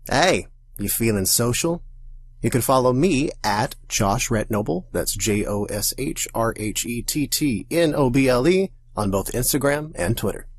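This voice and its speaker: A man who grew up in the Southern United States, talking as a podcast co-host in a casual chat, animated and full of restarts. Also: mid-range voice, a little slow, husky.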